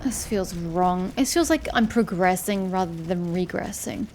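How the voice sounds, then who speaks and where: A woman's voice: fairly low pitch, measured pace, a little mellow, slight background noise. A young woman giving casual let's-play commentary, frustrated and swearing as she mutters to herself. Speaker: gaming streamer.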